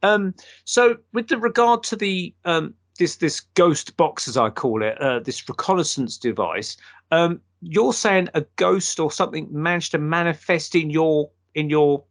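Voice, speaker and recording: A man hosting a casual talk show over a video call, rambling with many pauses and fillers. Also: a little high. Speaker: podcast host. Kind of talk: casual chat.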